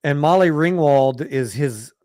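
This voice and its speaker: A man's voice: a little high, unhurried, darkish tone, dry recording, clean studio sound. A man hosting a casual late-night live stream about stocks, talking bluntly and swearing offhandedly. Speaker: stock talk show host.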